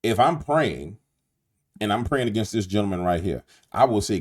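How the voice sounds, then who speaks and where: Talking straight to his audience, this YouTube host from Louisiana delivers a preachy, emphatic late-night commentary monologue in a New Orleans accent. He has a fairly low, animated voice and a moderate pace.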